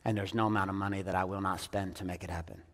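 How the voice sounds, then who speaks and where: A man leading a business audience as a coach, talking bluntly and with lots of swearing, swinging between loud emphatic bursts and hushed, intense passages. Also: sits low, fairly even intonation, rapid-fire, long reverb tail. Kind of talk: profane motivational talk on stage.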